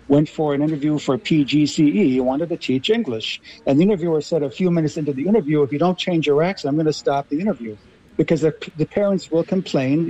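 A man's voice: fairly high pitch, dark tone. American man on a dull lo-fi line. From Los Angeles, USA. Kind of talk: radio interview.

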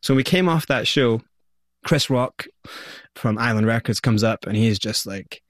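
A man with a Scottish accent recounts his past as an interview guest, bringing the story alive with lively delivery. His voice sits in an ordinary middle register. The recording is close and dry, with no room sound. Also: mid-range voice, moderate pace, no echo. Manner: energetic, vivid storyteller who acts out quotes.

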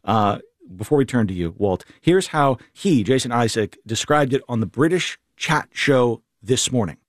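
A man's voice: mid-range voice, lively intonation, normal speed, no room sound, studio quality. Playful man co-hosting radio. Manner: playful, emphatic questions. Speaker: radio co-host. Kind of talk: radio interview.

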